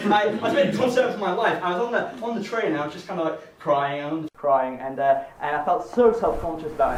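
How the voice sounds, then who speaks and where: A man's voice: a little high, slight background noise. A young man from Northern England performing a rambling, self-deprecating stand-up comedy set on a venue stage, with lots of stammered restarts. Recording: roomy, distant mic with faint venue ambience.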